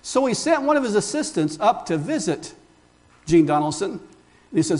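Very animated and a little mellow, this high male voice keeps a moderate pace. The pastor preaches with emphasis, poses rhetorical questions, and refers to his listeners as friends.

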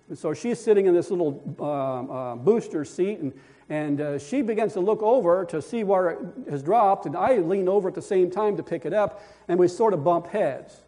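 A man's voice: high voice, dark tone. An older man preaching a folksy storytelling sermon, rambling along with chuckles, frequent restarts and fillers.

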